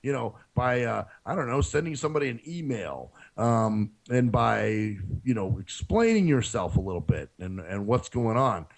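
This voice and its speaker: A man's voice: medium pitch, animated, moderate pace, creaky, hardly any pauses, poor audio. A man hosting his own radio show, ranting frankly in a casual solo monologue and swearing freely.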